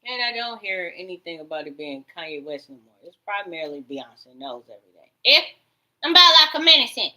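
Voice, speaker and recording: A woman delivering a rambling vlog monologue in a bright, edgy voice. Her pitch leaps and dips all over the place, and her volume jumps from loud outbursts to low mutters. She swears freely as she talks. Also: expressive, a little fast, few pauses, rough recording. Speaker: vlogger.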